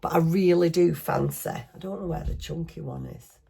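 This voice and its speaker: Low gravelly Northern English woman chatting. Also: moderate pace, dark tone. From northwest England. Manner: chatty, rambling, self-deprecating. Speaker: craft vlogger. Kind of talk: casual craft chat.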